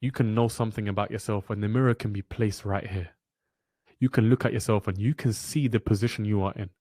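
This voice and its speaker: A man's voice: on the low side, fairly even intonation, brisk, a little mellow, dry recording. A young man teaching a trading webinar. He is blunt and preachy, speaks with passion and repeats lines for emphasis. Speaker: trading mentor. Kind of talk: motivational webinar lecture.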